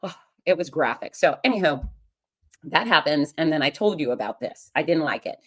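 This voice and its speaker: A middle-aged woman with a notably low-pitched voice tells a personal story. She speaks frankly and with humor, confiding in the listener like a close friend. Her delivery is animated, with sudden leaps for emphasis. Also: moderate pace. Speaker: podcast host.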